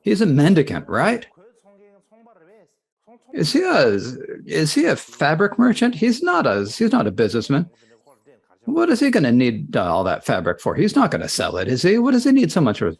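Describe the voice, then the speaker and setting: A man's voice: on the low side, huge pitch swings, fast, hardly any pauses, husky, full character voice. A man voicing an angry ancient king who scolds with indignant rhetorical questions. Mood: scolding. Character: irritated ancient male Indian king, scolding.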